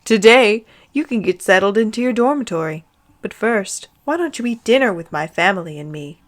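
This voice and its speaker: A kindly middle-aged male reverend with a gentle Southern twang, as a woman puts him on. He speaks in a soft, folksy way, a little lower than the woman's own voice. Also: animated, moderate pace, close to an everyday voice. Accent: American Southern.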